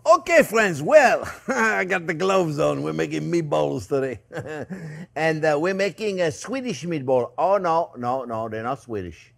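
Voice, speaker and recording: A man's voice: a little high, expressive, a little slow, creaky. A man with a French accent hosting a casual cooking demonstration, chatty and playful, chuckling often with lots of fillers. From France. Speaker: cooking show host.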